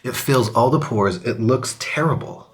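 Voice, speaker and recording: A man's voice: mid-range voice, normal speed. A young man chatting casually as he tries out makeup on camera, upbeat and talkative, sometimes dropping to a whisper while he applies it. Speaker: beauty vlogger. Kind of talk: casual makeup tutorial chat.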